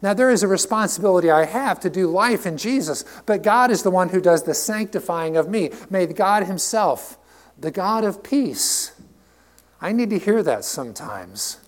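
A middle-aged pastor delivers a sermon with passion and a conversational feel, moving between loud, emphatic lines and quiet asides. His voice is high-pitched and animated, at a normal speed.

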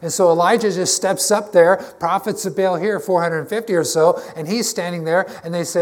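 A man's voice: high-pitched, fairly even intonation, moderate pace, few pauses. A man preaching a conversational, emphatic sermon to his congregation, often restarting his phrases. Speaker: pastor.

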